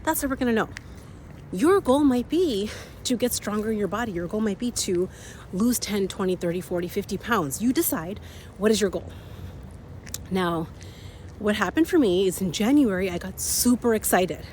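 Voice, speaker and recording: A woman in her thirties with a slightly raspy voice, hosting an energetic motivational talk outdoors while a little out of breath from walking uphill. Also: medium pitch, normal speed, a little hiss or hum. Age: 30s. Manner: energetic, repeats key phrases, laughs often. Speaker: podcast host and coach.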